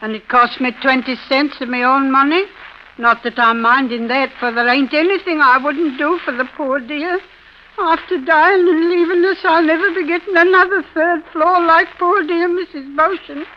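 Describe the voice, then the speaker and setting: A woman's voice: sits high, steady tone, moderate pace, close to an everyday voice. An actress playing a rambling, talkative charwoman in an old radio drama. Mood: chattering. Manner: rambling, garrulous. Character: chattering Irish charwoman, talkative, devoted. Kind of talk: 1930s radio drama acting. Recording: dull old radio recording with faint hiss.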